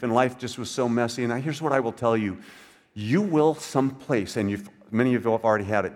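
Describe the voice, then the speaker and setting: Conversational older male pastor. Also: mid-range voice. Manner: conversational, asks the audience questions, drops to soft quiet passages. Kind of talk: sermon.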